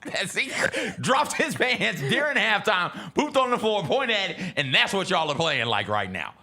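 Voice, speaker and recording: A high-voiced man co-hosts a sports talk show at a normal pace, chatting casually and laughing as he retells famous rants. He's animated and loudly acts out the quoted rants, sports radio style.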